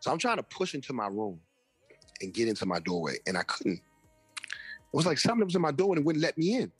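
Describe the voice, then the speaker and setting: A man's voice: medium pitch, big pitch swings, fast talker, breathy edge, faint music behind. A young man, an interview guest and author, telling a personal testimony in casual slang and acting out the voices of people he quotes.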